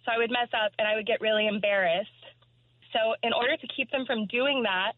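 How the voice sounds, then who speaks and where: High-voiced texas woman calling in, chatty and bubbly, tinny phone sound. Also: steady tone, brisk. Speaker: caller. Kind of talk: phone-in storytelling.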